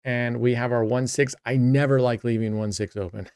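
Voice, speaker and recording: Chatty male host, smooth voice, dry close sound, casual roulette play-by-play. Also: medium pitch, steady tone, normal speed, a little mellow, no room sound. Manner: chatty, talks to himself and viewers.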